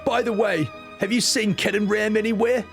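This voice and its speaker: A man's voice: high-pitched, steady tone, moderate pace, creaky, faint music behind, pitched above the performer's own voice. A man voicing a brash young warrior princess. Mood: eager. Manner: reads game lines with crude ad-libbed insults. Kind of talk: playful dub-over of a game cutscene.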